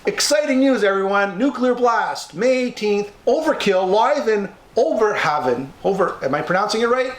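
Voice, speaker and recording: A man's voice: high voice, expressive, moderate pace, few pauses, reverberant. A man from Canada hosting an interview, effusive and gushing with praise. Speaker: interview host. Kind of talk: casual interview.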